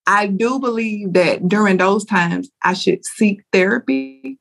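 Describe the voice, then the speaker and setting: A woman guest on a podcast talks frankly and earnestly. Her way of speaking is casual and conversational, and her pitch sits in a middle range. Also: measured pace, gravelly, faint music behind. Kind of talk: candid interview talk.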